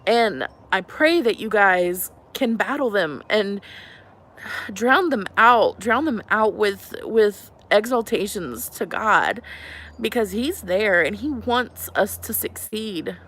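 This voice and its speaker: A woman's voice: mid-range voice, expressive, slow, a bit bright. A woman in her thirties hosting a heartfelt live stream about faith, talking earnestly and rambling a little, with lots of "like" and "you know" as she answers viewers. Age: 30s. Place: on a porch at home.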